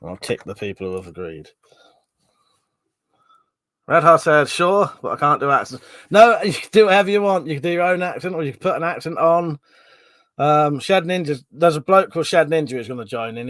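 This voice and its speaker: A man's voice: fairly high pitch, brisk, fairly bright tone, dry recording. A man hosting a casual livestream, chatty and laughing often, with plenty of swearing. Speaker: livestream host. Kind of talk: casual live chat reading comments.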